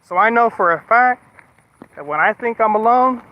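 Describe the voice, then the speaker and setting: An animated American man with a high voice speaks at normal speed while casually chatting on his livestream. He rants and swears freely before apologizing, and the audio sounds slightly muffled.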